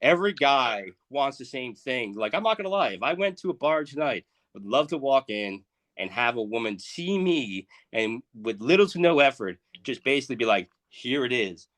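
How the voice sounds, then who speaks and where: A man in his thirties co-hosting a podcast, delivering a crude, profane comedic rant that swings between loud outbursts and muttered asides. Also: mid-range voice, sing-song, moderate pace. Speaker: podcast co-host.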